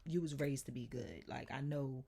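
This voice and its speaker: A woman voicing a calm middle-aged male landlord who talks in a hushed, soothing, coaxing way. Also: a bass voice, moderate pace, vocal fry, slightly rough, full character voice. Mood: pleading calmly.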